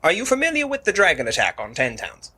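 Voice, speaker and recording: A polite elf adventurer, played by a man speaks formally and carefully. His voice is bright and a little husky, with a lively pitch. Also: heavily acted. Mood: earnest. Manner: formal, measured.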